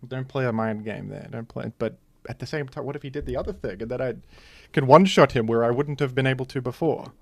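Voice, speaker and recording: A man's voice: medium pitch, fast, vocal fry, hardly any pauses, no echo. Trash-talking young man commentating a game. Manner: mock-boastful trash talk, rambling asides. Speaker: competitive game player. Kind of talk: casual live gameplay commentary.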